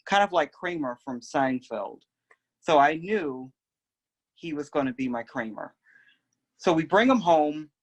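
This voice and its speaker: A young man telling a personal story in a gentle, reflective, unhurried way. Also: fairly high pitch. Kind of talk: personal oral history storytelling.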